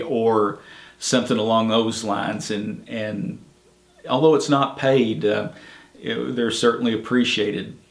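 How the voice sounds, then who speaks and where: A man's voice: lowish voice, steady tone, slow pace, creaky. A middle-aged man, a park ranger, telling stories in an easygoing, plainspoken way in an oral history interview, with many fillers. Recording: echoey room.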